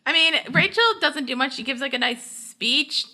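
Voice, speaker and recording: Young woman recapping a show, super chatty, says "like" constantly, bright sharp voice. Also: sits high, moderate pace. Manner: chatty, heavy use of "like", acts out characters' lines. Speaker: podcast co-host. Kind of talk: casual recap chat.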